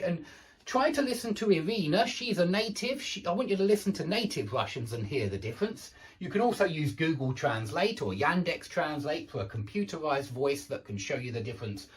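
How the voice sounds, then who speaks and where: Male teacher, patient, repeats words slowly, lively up-and-down pitch, a little distant from the mic. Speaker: language teacher. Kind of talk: online lesson explaining Russian to beginners.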